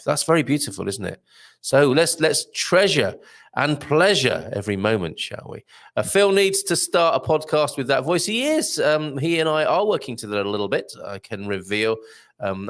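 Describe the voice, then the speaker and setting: A man hosting a casual live stream, reading viewer comments aloud in a chatty, rambling way with lots of fillers. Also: gravelly. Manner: chatty, rambling, lively pitch, many fillers.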